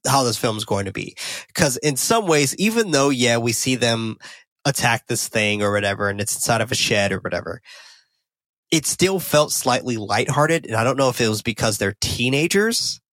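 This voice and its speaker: A man in the middle range of pitch tells a film's plot scene by scene on a podcast, tripping over his words and fixing them as he goes. His talk is casual and profane. The sound is dry and close. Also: a bit bright, dry recording. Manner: loose, profane, self-correcting storytelling. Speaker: podcast co-host. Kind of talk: casual film recap and discussion.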